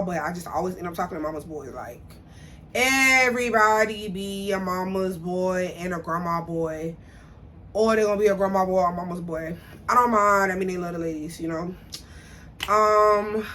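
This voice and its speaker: A woman's voice: medium pitch, slight background noise. Blunt young woman. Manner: blunt, opinionated, repeats points for emphasis. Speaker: vlogger. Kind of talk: casual talk to camera.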